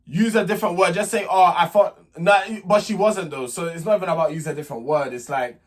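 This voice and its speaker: A young man with a fairly high voice, talking casually and with emphasis. His delivery is slangy and chatty, like someone giving his opinions straight to camera. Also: quick pace. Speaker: reality show recap host. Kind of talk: casual recap commentary.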